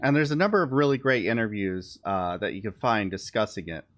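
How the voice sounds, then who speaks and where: On a live stream, a young dad with a somewhat low voice riffs through loose political commentary for his viewers. He's blunt and sarcastic, swearing offhandedly and tossing in wry asides, and he moves briskly with a slightly bright tone.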